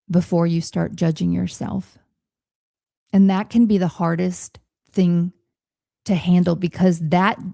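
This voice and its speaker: Woman in her 40s coaching her podcast listeners, gravelly fry in her voice, dry close sound. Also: fairly low pitch, dark tone, no echo. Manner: earnest, encouraging, speaks directly to listeners. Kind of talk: reflective coaching talk.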